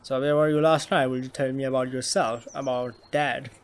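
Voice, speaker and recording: A man's voice: medium pitch, little pitch movement, normal speed, smooth, natural voice. A man reading a blunt young detective. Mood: probing. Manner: direct questioning.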